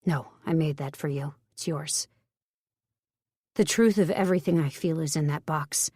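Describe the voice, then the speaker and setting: A woman voicing an earnest, tender young man speaking quietly to the woman he loves. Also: sits low, moderate pace, slightly rough, dry recording, studio quality.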